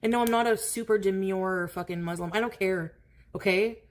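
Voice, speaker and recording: A woman's voice: mid-range voice, steady tone, moderate pace. A woman ranting on a livestream clip, blunt and defiant.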